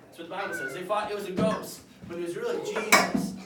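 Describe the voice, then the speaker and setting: A man teaching children a Bible lesson, acting out the characters with bursts of loud shouting. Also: high voice, fairly even intonation, quick pace, over a noisy crowd. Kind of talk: animated Bible story lesson for kids. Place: church classroom with children. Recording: echoey room, distant mic, noisy.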